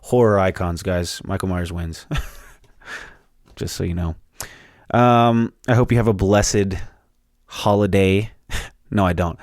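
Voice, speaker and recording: A man's voice: sits low, unhurried, pauses often, darkish tone, dry recording, studio quality. A young man hosting a solo podcast, rambling in a profane, jokey, casual way. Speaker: podcast host.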